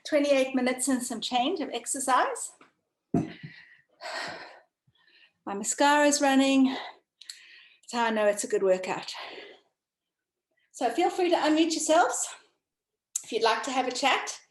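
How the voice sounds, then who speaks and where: A chatty woman with a fairly high voice, coaching over a video call. She talks in a relaxed, easygoing way, with plenty of ums as she winds down a session. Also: a little slow, long pauses, low-quality recording. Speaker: running coach. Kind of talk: casual workout wrap-up and self-promotion.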